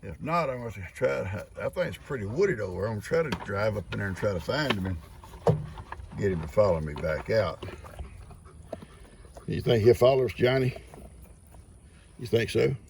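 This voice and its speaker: An older man with a gravelly, expressive voice whose pitch swings widely. He chats casually outdoors on his farm. He scolds his livestock fondly and calls out to them loudly in a high voice, with faint noise in the background. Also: normal speed, pauses often. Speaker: farmer. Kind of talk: casual farm vlog, talking to animals.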